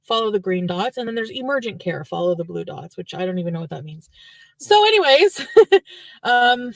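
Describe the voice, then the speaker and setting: A woman's voice: lowish voice, brisk, creaky, no echo. A woman from French Canada telling a long, rambling personal story in a chatty vlog style.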